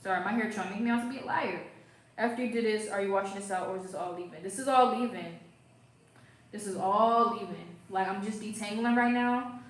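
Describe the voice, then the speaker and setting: A woman's voice: medium pitch, fast talker, reverberant, poor audio. A young woman hosting a casual hair care livestream, playful and chatty, reading viewer comments as she goes.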